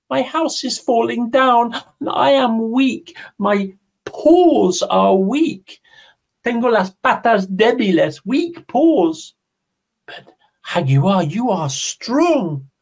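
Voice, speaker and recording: A squeaky, pleading trickster rabbit. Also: male voice, full character voice. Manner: high, pleading, wheedling. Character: small sly male rabbit trickster, pleading. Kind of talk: storytelling in a language lesson.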